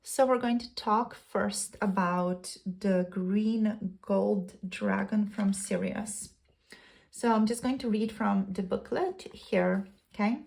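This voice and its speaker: A woman giving a tarot reading, calmly reading from a card booklet in a soothing spiritual way. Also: medium pitch, slow, vocal fry. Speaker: tarot reader.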